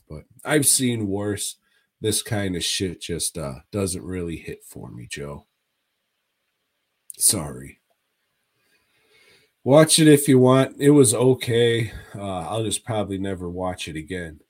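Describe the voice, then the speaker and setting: A man's voice: lowish voice, darkish tone. A man co-hosting a podcast, casually reviewing movies in a laid-back, profane way with frequent chuckles. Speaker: podcast co-host.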